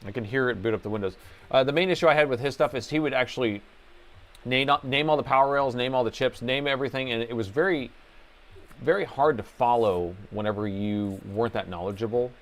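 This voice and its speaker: A man's voice: mid-range voice, a little fast. A man chatting casually on a live repair stream, rambling, laughing and reading viewer comments aloud.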